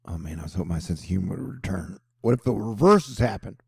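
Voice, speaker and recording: A man's voice: low voice, animated, quick pace, vocal fry, hardly any pauses, darkish tone, slightly rough, no echo, clean studio sound. A middle-aged man hosting casual weather news commentary, rambling with playful jokes and asides. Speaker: host.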